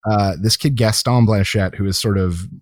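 A low-voiced man co-hosts a casual podcast conversation. He winds through his anecdotes with restarts and corrections, recorded dry and close to the mic. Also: fairly even intonation, moderate pace, no echo. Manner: rambling, self-correcting anecdotes. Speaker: podcast co-host. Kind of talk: casual chat.

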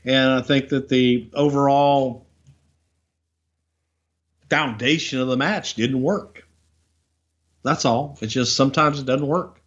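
A man's voice: mid-range voice, fairly even intonation, slow, long pauses, highs cut off. A man co-hosting a podcast, telling stories in a rambling, chatty way. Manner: rambling, with many fillers and restarts. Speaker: podcast co-host. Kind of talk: casual storytelling chat.

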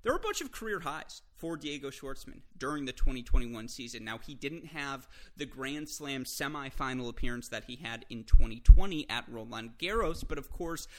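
A man from the United States hosts a solo podcast by himself. His delivery is energetic and chatty, mid-pitched, and full of quick self-deprecating asides. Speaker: podcast host.

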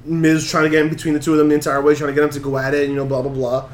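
A man co-hosting a casual chat show, recapping wrestling in an animated way and acting out quotes. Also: on the high side, rapid-fire, roomy sound. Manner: animated, acts out quotes with laughs. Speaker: podcast co-host.

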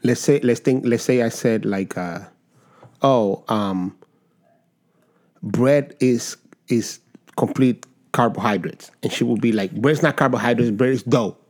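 A man's voice: mid-range voice, a little slow, darkish tone. A man co-hosting a podcast, telling a story in casual chat with frequent swearing. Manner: storytelling, profane, agreeing. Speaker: podcast co-host.

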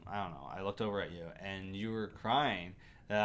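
A man co-hosting a casual movie podcast, measured and fact-checking, with frequent ums and restarts. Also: low-pitched, a bit bright. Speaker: podcast co-host. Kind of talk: casual movie review chat.

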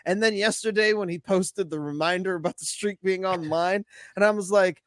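A man co-hosting a podcast in casual chat, animated and laughing often as he tells stories. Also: high voice, normal speed, few pauses, dry recording. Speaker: podcast co-host.

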